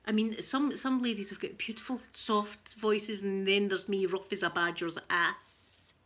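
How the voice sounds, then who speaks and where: A Scottish woman with a rough voice, chatting casually and laughing as she tells stories to viewers on a live stream. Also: medium pitch, steady tone, a little slow, fairly bright tone. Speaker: livestream host chatting with viewers.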